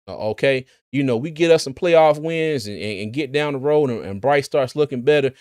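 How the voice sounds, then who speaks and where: A man's voice: mid-range voice, animated, normal speed, no room sound. Chatty man, dry sound. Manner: chatty, laughs often, repeats words. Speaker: sports channel host. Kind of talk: casual livestream sports commentary.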